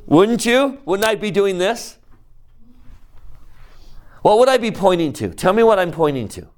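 A man teaching a scripture class who keeps asking the class questions, swinging between soft asides and emphatic rises. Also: sits high, lively intonation, a little slow, long pauses. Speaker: religious teacher.

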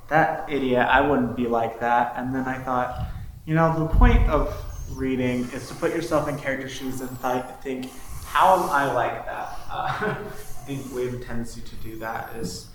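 A man's voice: medium pitch, moderate pace. Male student, reflective, thinking aloud; very roomy recording with audible noise. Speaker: student in a discussion. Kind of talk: casual class discussion.

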